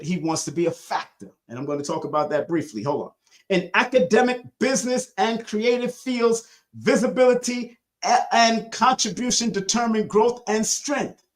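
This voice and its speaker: A man's voice: lively intonation, normal speed. A man hosting a live-streamed spiritual lesson, preachy and emphatic, repeating lines for weight. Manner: swings between loud high bursts and low quiet asides.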